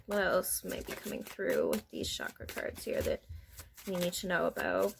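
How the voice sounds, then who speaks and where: A woman's voice: on the low side, big pitch swings, moderate pace, gravelly, noisy background. Woman tarot reader, casual and chatty, emotional, laughs often, talks straight to her viewers. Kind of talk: casual spiritual card reading.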